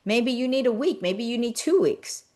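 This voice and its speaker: A woman hosting a live-streamed motivational talk as a spiritual coach, speaking in gentle, repeated affirmations and greeting viewers by name as she reads their comments. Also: fairly high pitch, expressive, moderate pace. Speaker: spiritual coach and livestream host.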